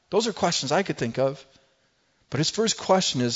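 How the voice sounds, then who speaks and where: A man's voice: on the high side, expressive, a little fast, dull audio. A male pastor preaching a sermon in a conversational way, often restarting phrases and acting out what people in the story say. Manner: conversational preaching with frequent restarts and acted-out quotes.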